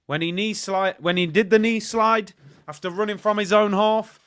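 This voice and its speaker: A young man chats on a casual fan livestream. His voice sits a little high, and he swings from quiet muttering to loud, animated exclamations. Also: moderate pace, clear, resonant tone. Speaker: football channel host. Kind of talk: casual live-stream fan chat.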